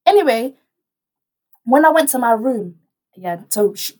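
Her voice a little high and her pace a little slow, a young female guest tells a story in casual conversation, animated and rambling, often restarting and quoting dialogue.

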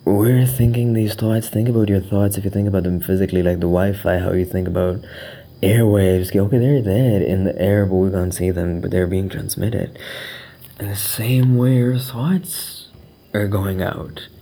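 A young man muses through a reflective podcast monologue, now and then slipping into Urdu and sinking to a hush. His voice sits low and mellow with a husky grain. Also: steady tone, normal speed. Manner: musing, mixes in Urdu phrases, drops into hushed whispers. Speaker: podcast host.

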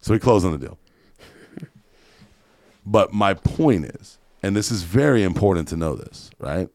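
A man with a very low voice tells a story on a podcast in a blunt, profane way and acts out what other people said. He sounds close and dry, with no room echo. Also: expressive, unhurried, creaky, a little mellow. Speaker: guest entrepreneur.

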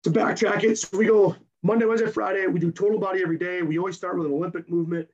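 A strength coach, a man, explaining his training program in rapid, technical detail in a podcast interview while hoarse from losing his voice. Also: high-pitched, steady tone, darkish tone, muffled recording. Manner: rapid and technical, keeps tagging "right?".

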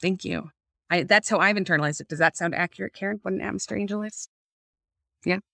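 A woman's voice: mid-range voice, fast talker, vocal fry, pushed and bright, dry recording. Woman, earnest, reflective, video call, dry close sound. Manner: earnest, reflective, searching for words. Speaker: guest speaker. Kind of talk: faith-based parenting talk.

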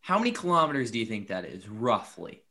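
A young man with a lowish, bright, forceful voice co-hosts a casual podcast. He keeps things upbeat, plugging shows and firing off questions. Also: sing-song, quick pace. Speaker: podcast co-host. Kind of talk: casual chat.

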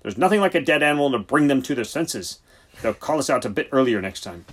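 A brusque, preachy senior country vet , put on by a male audiobook reader. His husky voice swings high and loud, full of lively rises and falls as he lectures. Theatrical and commanding. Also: quick pace. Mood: snappish. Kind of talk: audiobook character voice.

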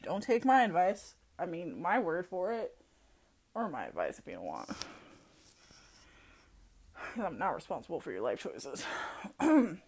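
A husky, lowish female voice, a little slow and pausing often, carries this solo podcast. The host rants bluntly with plenty of swearing, laughing frequently and mocking people through animated stories.

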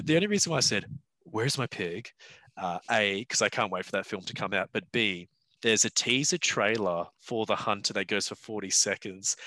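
Bright-voiced man, rambling chat. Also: on the low side, no room sound. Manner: rambling, laughs a lot, swears freely. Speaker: podcast host. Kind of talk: casual film review chat.

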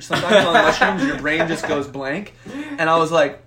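A young man co-hosting a podcast, telling a profane story in a casual, animated way and acting out the voices in it. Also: on the high side, a little fast. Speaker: podcast co-host.

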